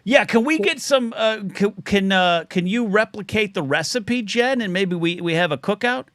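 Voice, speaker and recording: Bright-voiced rambling male talk host. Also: high-pitched, moderate pace, dry recording. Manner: rambling, repeats words when excited. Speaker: call-in show host. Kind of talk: casual live call-in chat.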